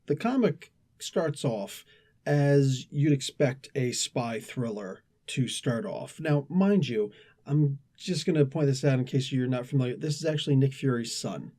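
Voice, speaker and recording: A man's voice: mid-range voice, expressive, a little slow, warm tone. A man hosting a casual comic book review, talking in a chatty, rambling way with asides and restarts.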